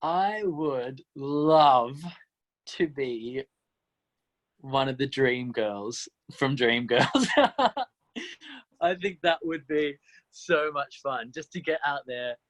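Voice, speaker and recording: Animated young man, laughing easily. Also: medium pitch. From Australia (Tasmania). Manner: animated, laughs often, quick bright laugh. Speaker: musical theatre actor, guest. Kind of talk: casual interview chat.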